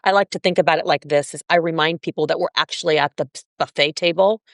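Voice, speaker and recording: Woman coach on a podcast, thoughtful and warm-ish explaining, kinda low voice, dry sound. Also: steady tone, quick pace, no room sound. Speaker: executive coach and author, guest. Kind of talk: interview conversation.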